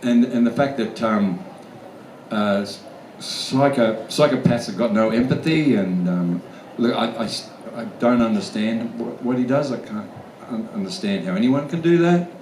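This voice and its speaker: A man's voice: mid-range voice, moderate pace, darkish tone. A man with an Australian accent telling stories in a casual, blunt way, swearing freely as a guest actor at a convention Q&A. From Australian outback. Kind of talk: casual storytelling Q&A answers. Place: large convention hall. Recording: echoey hall, from far off, faint room noise.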